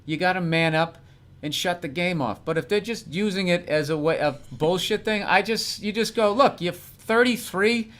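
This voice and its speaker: A middle-aged man in casual comedic chat on a podcast, blunt and animated, acting out quoted lines as he tells stories. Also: sits high, normal speed. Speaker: podcast guest.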